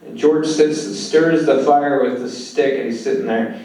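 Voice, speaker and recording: A man's voice: a little high, normal speed, warm tone, distant mic. A man giving a film lecture, retelling scenes from a script in a loose, conversational way. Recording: very echoey room, voice off-mic.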